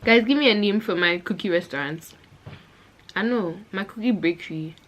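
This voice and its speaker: A woman's voice: mid-range voice, moderate pace, fairly bright tone, a little hiss or hum. A young woman chatting to her camera at home in a casual vlog, giggly and self-mocking. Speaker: vlogger. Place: at home indoors.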